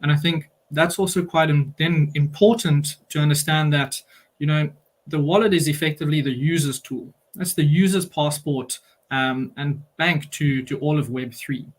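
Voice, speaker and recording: A man on an online panel explaining his company's approach in a steady, explanatory way, with frequent fillers. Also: fairly high pitch, moderate pace.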